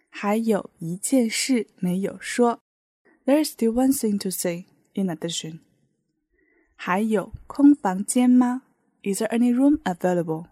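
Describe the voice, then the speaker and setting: Slow, mellow-voiced woman teaching. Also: mid-range voice, dry recording. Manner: patient, explains with many example sentences. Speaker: language teacher. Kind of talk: podcast language lesson.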